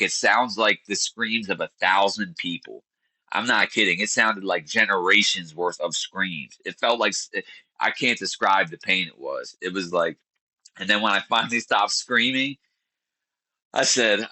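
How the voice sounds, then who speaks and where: Earnest man in his thirties, low bright voice. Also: dry recording, rough recording. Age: 30s. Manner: earnest, searching for words. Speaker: podcast guest. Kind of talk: candid interview storytelling.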